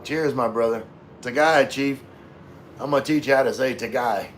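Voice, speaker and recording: A man reading viewer comments on a casual live stream, rambling and relaxed while drinking with his chat. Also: mid-range voice, normal speed, a little hiss or hum. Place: room with floor-to-ceiling window.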